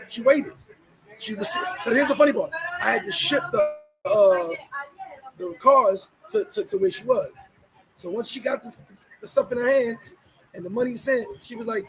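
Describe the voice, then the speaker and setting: High-voiced man chatting on a livestream. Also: moderate pace, a crowd in the background, poor audio. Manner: animated, laughing, quoting people in voices. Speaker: vlogger. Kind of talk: casual livestream chat. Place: Dominican Republic.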